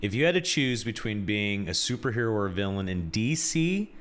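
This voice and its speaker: A man hosting a podcast, asking questions in a relaxed, encouraging way. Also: lowish voice, a little fast. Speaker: podcast host. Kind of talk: casual chat.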